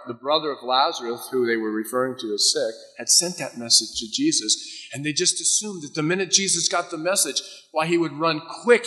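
Bright-voiced preacher in a reverberant hall. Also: male voice, on the high side. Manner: acts out biblical figures' voices mid-sermon. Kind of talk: sermon.

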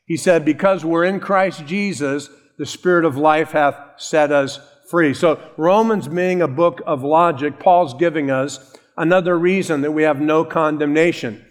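A man preaching a sermon, measured and emphatic, stretching out key phrases slowly. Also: a little high. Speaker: pastor.

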